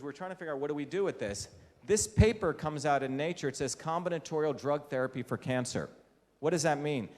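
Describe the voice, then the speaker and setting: A man's voice: medium pitch, darkish tone. A man from India giving a public lecture to a live audience, speaking emphatically and often putting rhetorical questions to the room. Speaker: invited lecturer. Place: lecture hall. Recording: reverberant hall.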